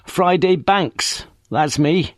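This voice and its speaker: A man's voice: a little high, very slow, no room sound, clean studio sound, pitched above the performer's own voice. A man reading an audiobook, voicing a brash, common-talking young woman on the phone. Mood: defiant. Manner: cheeky, defensive, common speech.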